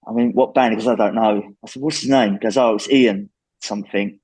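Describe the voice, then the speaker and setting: A man's voice: lowish voice, steady tone, fairly quick, a little mellow, breathy edge, dry recording, poor audio. A man, the guest in an interview, talking in a plain-spoken, casual way. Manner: plain-spoken, lots of restarts. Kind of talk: casual chat.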